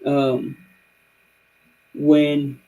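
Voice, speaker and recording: A man's voice: on the high side, monotone, drawn-out words, dark tone, low-quality recording. A man in his thirties on a livestream, rambling through a story with lots of fillers and restarts. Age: 30s. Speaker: streamer. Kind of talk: casual chat.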